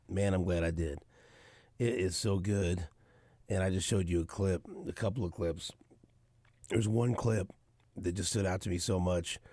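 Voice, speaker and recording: A man's voice: low voice, dry recording. A man hosting a sports radio talk show, telling stories casually and animatedly acting out what players said. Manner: animated storytelling, acts out quotes.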